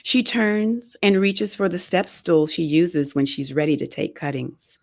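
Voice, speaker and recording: A woman author reading her memoir aloud with a measured, expressive delivery in a radio studio. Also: on the low side, vocal fry, no room sound. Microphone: studio microphone.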